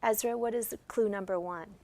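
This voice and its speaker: A woman's voice: mid-range voice, moderate pace, mellow. A woman teacher giving classroom instruction, guiding students step by step with patient questions. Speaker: special education teacher.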